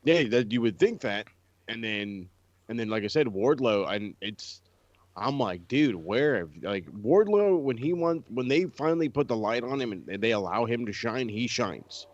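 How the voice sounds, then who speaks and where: A man's voice: medium pitch, animated, moderate pace, no echo. A man co-hosting a podcast, ranting in casual, profane chat. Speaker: podcast co-host. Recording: dull lo-fi dry sound.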